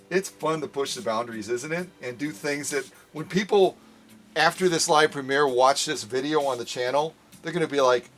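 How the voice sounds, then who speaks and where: A man's voice: mid-range voice, a little fast, a bit bright, soft background music. Playful man demoing a sewing machine. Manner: playful, talks straight to viewers as folks. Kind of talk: live premiere demo chat.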